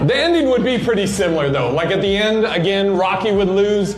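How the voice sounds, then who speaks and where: A man's voice: sits high, lively intonation, fairly quick, hardly any pauses, over music. Joking man in an echoey room. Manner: mocking, acts out voices. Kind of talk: comedic storytelling.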